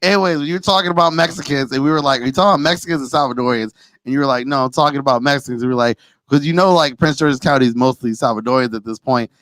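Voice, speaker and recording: A man, co-hosting a casual podcast. He banters, jumps between mumbling asides and shouted protests, and is a teacher. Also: medium pitch, very fast, no echo. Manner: animated, rises to shouting when teased. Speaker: podcast co-host.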